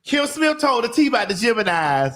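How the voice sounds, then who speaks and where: A woman's voice: on the high side, sing-song, a little fast, fairly bright tone. A woman hosting a live morning show, calling out viewers' names in a sing-song, playful way, full of "honey" and "baby". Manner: frank, profane and laughing. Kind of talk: live-stream chat, greeting viewers.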